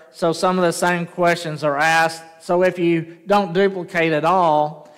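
A male pastor delivers a sermon in a slow, unhurried way, his voice sitting a bit higher than most men's. He keeps checking in with the congregation through rhetorical questions. The sound carries a long reverb from the church sanctuary. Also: a bit bright, clear, resonant tone.

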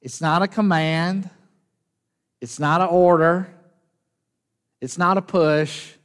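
A man delivers a sermon in an unhurried, deliberate cadence, his voice sitting a little higher than most men's. He leans on rhetorical questions to draw the congregation in. The sound carries the long reverb of a church sanctuary. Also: steady tone, smooth. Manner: slow, emphatic preaching with rhetorical questions. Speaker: pastor.

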